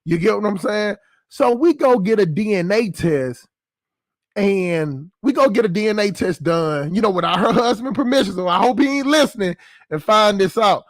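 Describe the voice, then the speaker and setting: A man's voice: high voice, animated, normal speed, no room sound, studio quality. A man hosting his own channel, telling a long personal story in a loose, profane way and checking in with the listener. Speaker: channel host. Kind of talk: casual storytelling monologue.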